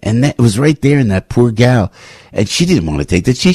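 An older man hosting a radio talk show, telling anecdotes in an emphatic, repetitive, rambling way with sudden swings in pitch. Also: big pitch swings, brisk, a little mellow, husky, no room sound, clean studio sound. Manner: emphatic, repetitive, restarts often. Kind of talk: rambling opinion monologue with anecdotes.

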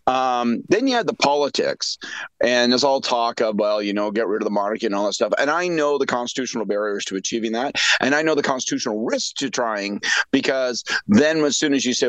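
A man's voice: mid-range voice, lively intonation, a little fast, a bit bright, no echo, poor audio. Middle-aged male analyst; blunt, chatty, restarts a lot, dry mic. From Canada. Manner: blunt, conversational, many restarts. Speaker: political analyst. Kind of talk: casual opinionated talk.

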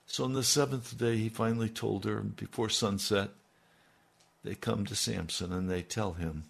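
Gravelly man telling a sermon story. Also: lowish voice, steady tone, normal speed. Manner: folksy retelling with conversational asides. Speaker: preacher.

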